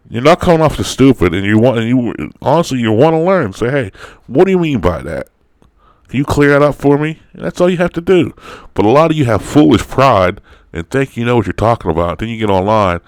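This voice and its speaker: A man's voice: on the low side, no echo. A man hosting his own commentary vlog, talking in a blunt, profane, lecturing way. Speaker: host of an online commentary show. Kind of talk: opinion vlog monologue.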